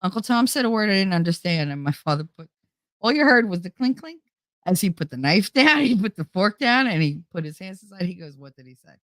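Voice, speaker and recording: A middle-aged woman hosting a livestream, telling family stories in a casual, animated way and acting out her relatives' voices with frequent laughter. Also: mid-range voice, a little fast, dry recording. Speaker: livestream host. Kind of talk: casual storytelling chat.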